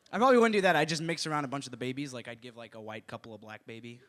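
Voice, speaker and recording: Offhand man doing stand-up comedy. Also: quick pace. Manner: offhand delivery, jumping into loud high voices for bits. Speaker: stand-up comic. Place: small live venue with audience laughter.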